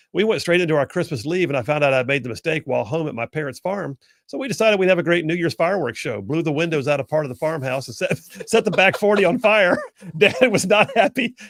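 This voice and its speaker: A man's voice: on the high side, a bit bright, no room sound, clean studio sound. A middle-aged man, hosting a call-in radio show in a folksy, joking storytelling manner. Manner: folksy storyteller, jokey asides. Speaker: radio talk show host. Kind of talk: casual call-in talk radio chat.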